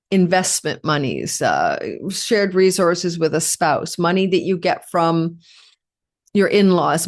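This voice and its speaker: A woman from Canada giving an astrology forecast in a chatty way, piling up lists of words and dropping in asides. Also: lowish voice.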